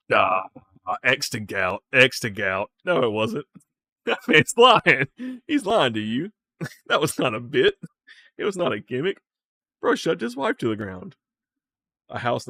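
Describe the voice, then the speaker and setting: A man casually talking to his chat during a stream, loose and profane, reading comments aloud. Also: mid-range voice.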